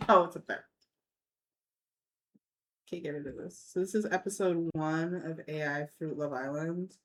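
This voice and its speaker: A woman's voice: low-pitched, steady tone, normal speed, slight background noise, poor audio. A woman streamer chatting bluntly and laughing as she reacts to videos. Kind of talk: casual reaction chat.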